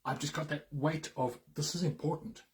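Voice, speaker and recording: A man's voice: on the high side, fairly even intonation, moderate pace. Zimbabwean guy chatting with his wife, mid voice, earnest, kinda dry humour. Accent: Zimbabwean English. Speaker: co-host, business partner. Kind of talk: casual chat.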